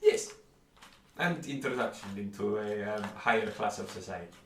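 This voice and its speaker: A man's voice: on the low side, moderate pace, far from the mic, slight background noise, lightly acted. A man voicing a courteous, shrewd male merchant who talks formally and haggles over prices. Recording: roomy echo.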